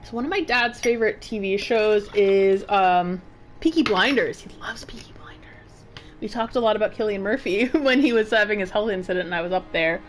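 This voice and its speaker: A woman's voice: medium pitch, brisk, a little hiss or hum. A woman streamer giving casual, chatty commentary while she plays a game. She giggles often and yelps when she gets stressed.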